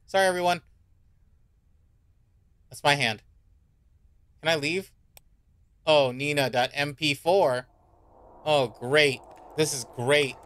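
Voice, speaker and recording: A man's voice: on the high side, takes it slowly, long pauses, a bit bright, clear, resonant tone. Jittery man giving casual game commentary. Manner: jumpy, reactive and profane, with repeated worried remarks. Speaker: streamer.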